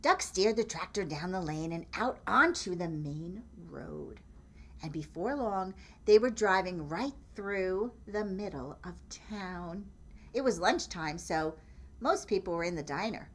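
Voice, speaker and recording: A woman reads a picture book aloud at an easy, unhurried pace. Her pitch rises and falls with lively expression, and she chuckles as she points out the pictures. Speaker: storyteller.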